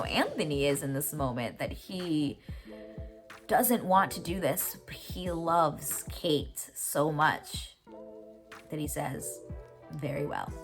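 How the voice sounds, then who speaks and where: A woman with a low, full voice talks through a TV episode scene by scene for her podcast. She gushes, acts out the characters' lines and gets teary. Faint music plays quietly behind her. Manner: emotional, gushing, retells scenes with quoted lines. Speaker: podcast host recapping a TV episode. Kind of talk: casual episode recap.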